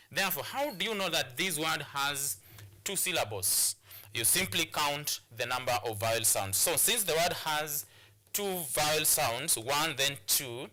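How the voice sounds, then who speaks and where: Man, Kenyan English accent, teacher, very bright tone, slightly high pitch, repeats and restarts, rhetorical questions. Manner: repetitive explanations, frequent restarts and rhetorical questions. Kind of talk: classroom lesson on stress and syllables.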